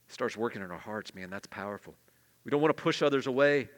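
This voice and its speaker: A middle-aged male pastor preaching a sermon, swinging between loud emphatic peaks and hushed confessional asides. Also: medium pitch, expressive, fast. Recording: long hall reverb.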